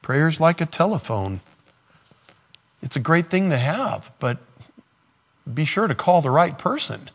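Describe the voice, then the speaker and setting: A man's voice: on the high side, sing-song, a little slow, vocal fry, long pauses. A man preaching a sermon in a casual, sarcastic way, acting out quotes as he goes. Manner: conversational, sarcastic, acts out quotes. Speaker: pastor.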